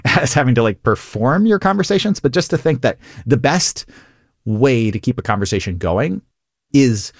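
A comedian man talks with a very lively, bouncing pitch, laughing easily and acting out what people might say. His voice is close and dry, with no room sound at all. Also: normal speed, no echo. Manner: animated, laughing, acts out quoted lines. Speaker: comedian guest. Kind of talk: conversational interview.

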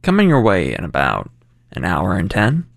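A man's voice: deep voice, huge pitch swings, normal speed, gravelly, no echo. A man giving local radio station announcements in an easygoing, friendly delivery. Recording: dry studio with faint music bed.

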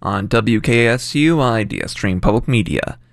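A man's voice: medium pitch, animated, unhurried, gravelly, no room sound. A man giving local radio station announcements in an easygoing, friendly delivery. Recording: dry studio with faint music bed.

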